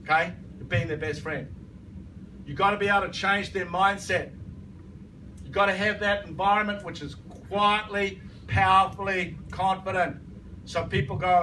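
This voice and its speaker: Emphatic high-voiced male trainer, distant. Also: fairly even intonation, moderate pace, sharp tone. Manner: emphatic, repetitive, keeps checking the audience agrees. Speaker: business trainer. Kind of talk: motivational training talk. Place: training room with a live audience. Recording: distant mic, noisy room.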